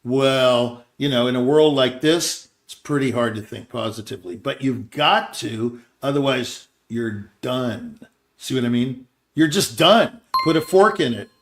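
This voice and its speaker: An older man from the Scottsdale, Arizona area hosts a talk show, rambling and thinking aloud in casual conversation with frequent restarts. His mid-range voice is a bit bright and measured, and he quotes others in put-on voices.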